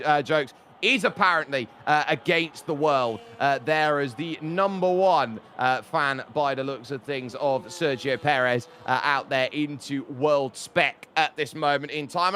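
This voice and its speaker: A man commentating a sim racing event, talking loosely with fillers and rising to shouts when the action picks up. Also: on the high side, slight background noise. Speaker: race commentator.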